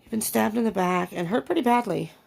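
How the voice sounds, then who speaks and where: A middle-aged woman talks through a tarot reading at an easy, chatty pace. She thinks aloud as she goes, fills pauses with ums and breaks into frequent small laughs. Her voice sits at an ordinary middle pitch. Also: vocal fry, a little mellow, slightly rough. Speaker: tarot reader. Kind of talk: casual tarot reading to camera.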